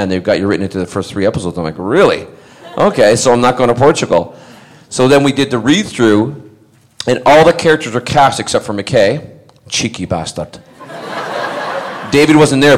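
A middle-aged man born in Scotland telling a convention anecdote, animated and acting out the other people's voices, laughing often. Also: fairly low pitch. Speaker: actor telling convention stories. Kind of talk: casual convention panel anecdote.

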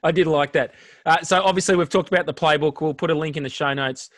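A man's voice: fairly high pitch, steady tone, quick pace, a bit bright, no room sound. A male co-host presenting a resources segment in an upbeat, casual way.

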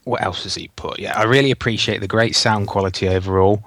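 A man's voice: on the low side, steady tone, fast, a bit bright, no echo. A man co-hosting a podcast, easygoing, reading out listener messages in casual chat. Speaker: podcast co-host.

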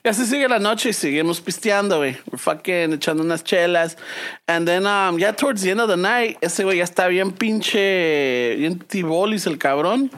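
A man's voice: high-pitched, fairly quick, a bit bright. A man telling a bar story in casual chat, switching between English and Spanish slang. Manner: mixes Spanish slang into English, acts out voices in his story. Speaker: podcast co-host telling a story.

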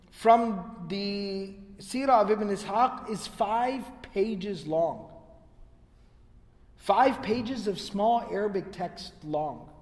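A man teaching history as a storytelling lecture, earnest and emphatic, repeating phrases for stress and translating the passages he recites quickly. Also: high voice, big-room sound. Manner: recites quoted passages quickly in another tongue and then translates them.

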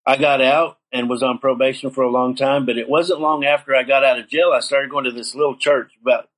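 A middle-aged man gives a personal testimony in an interview. His voice sits at an ordinary middle pitch, and he tells his story earnestly, slipping into the voices of the people he quotes. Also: steady tone, a little fast, fairly bright tone, low-quality recording. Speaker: guest telling his life story.

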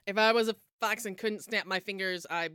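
A woman's voice: mid-range voice, fairly even intonation, fairly quick, clean tone, dry recording, clean studio sound. A woman co-hosting a tabletop role-play podcast, talking playfully with stumbling restarts and bursts of yipping. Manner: playful, loud animal noises, stumbling restarts. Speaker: podcast co-host and player.

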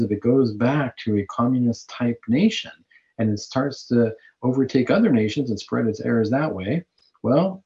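A man's voice: mid-range voice, dark tone. Man, Catholic radio host, earnest preaching monologue, dull lo-fi sound. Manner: earnest, preaching, with fillers and restarts. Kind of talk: radio talk show monologue.

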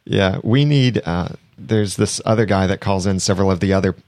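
Low-voiced male podcast host. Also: a little fast, a little mellow, no echo. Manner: chatty, laughs often, reads sponsor plugs. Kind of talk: casual podcast chat.

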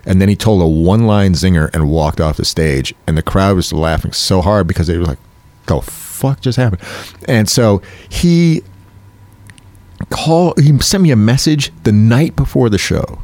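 A man's voice: fairly low pitch, moderate pace, no echo. A man hosting a comedy show, telling stories in a casual chat and acting out the voices of people he quotes. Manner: animated storyteller, acts out quoted voices.

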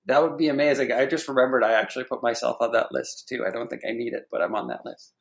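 A man, a physician guest on a podcast, chatting in a relaxed, wry way. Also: mid-range voice, quick pace. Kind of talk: casual podcast chat.

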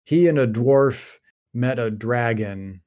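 A man's voice: mid-range voice, slow pace, mellow. A man in casual chat, summarizing a fantasy novel in a rambling way, with frequent restarts. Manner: rambling, lots of fillers and restarts. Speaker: podcast host summarizing a book.

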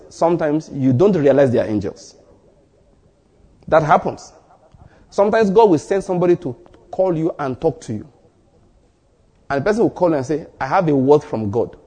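Male pastor, sermon storyteller, slightly higher-pitched voice with a husky edge. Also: warm tone. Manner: storytelling, acts out dialogue in asides.

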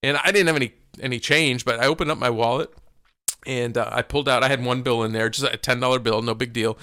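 A man's voice: mid-range voice, fast, clean tone. A man co-hosting a Christian podcast, telling a personal story in casual chat and acting out the dialogue as he goes. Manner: animated storyteller, acts out dialogue, laughs easily. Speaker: podcast co-host.

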